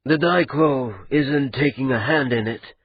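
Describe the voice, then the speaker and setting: Measured court envoy, voiced by a man, husky and polite. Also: mid-range voice, dry recording, narrow, tinny audio. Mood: probing.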